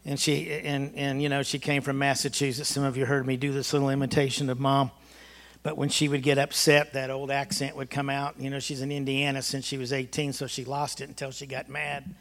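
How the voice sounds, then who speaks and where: A man's voice: medium pitch, level tone, fairly quick, fairly bright tone. A man, a pastor, telling folksy stories about his mother during a church service. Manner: folksy, storytelling, chuckling. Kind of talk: personal remembrance in a church service.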